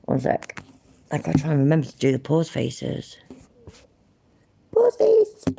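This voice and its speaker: A woman's voice: low voice, fairly even intonation, a little fast, gravelly, dark tone, slightly rough. A British woman hosting a livestream, reacting to clips with sarcastic, sweary ranting. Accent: British English. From Britain. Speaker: livestream host. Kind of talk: live commentary reacting to clips.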